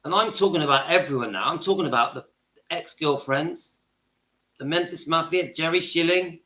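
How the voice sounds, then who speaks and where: A middle-aged man speaks passionately to his channel from home, moving between kitchen and lounge and repeating phrases for emphasis. His fairly high voice has a sharp tone at normal speed, and the space is reverberant.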